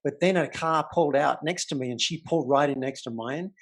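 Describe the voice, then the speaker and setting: A man's voice: on the high side, brisk. A man, a life coach, telling a story as the guest in a casual remote interview. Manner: animated, vivid storyteller. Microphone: remote call.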